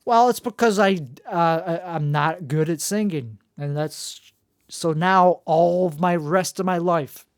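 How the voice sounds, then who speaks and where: Male solo host, gravelly voice, rambling and self-deprecating, dry close sound. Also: on the high side, measured pace, no room sound. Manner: self-mocking and jokey, full of restarts. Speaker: podcast host.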